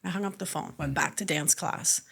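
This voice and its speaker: Scottish-born young woman, mostly american accent now, chatty animated interview guest. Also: low voice, brisk, gravelly, husky. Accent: Scottish, now mostly American-sounding. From Scotland. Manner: animated storyteller, frequent "like" fillers. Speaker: guest entrepreneur. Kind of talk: casual interview chat.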